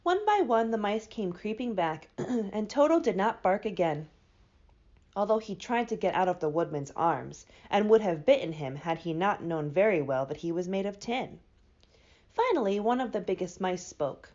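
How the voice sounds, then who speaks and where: A woman reads a children's chapter book aloud, her voice rising and falling with animated expression. The recording is slightly dull and lo-fi. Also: medium pitch, moderate pace. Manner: expressive storybook reading. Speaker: library storyteller.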